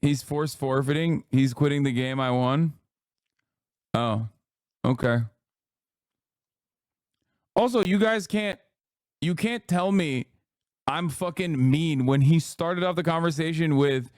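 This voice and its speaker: A man's voice: on the high side, slow pace, long pauses, darkish tone, no room sound, clean studio sound. A man in his thirties giving sarcastic, joking live-stream commentary as he reacts to a clip. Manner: sarcastic, joking, laughs often.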